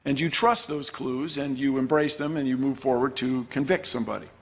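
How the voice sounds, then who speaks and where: A man's voice: mid-range voice, steady tone, fairly quick. A man giving a formal debate speech in an earnest, emphatic way, stressing points by repeating them.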